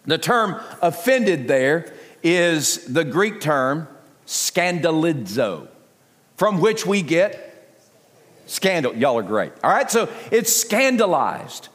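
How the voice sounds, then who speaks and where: Lively, high-voiced preacher in a reverberant hall. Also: male voice. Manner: animated, acts out the crowd's scoffing voices; frequent fillers and restarts, self-deprecating asides. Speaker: pastor. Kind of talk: sermon. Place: church sanctuary.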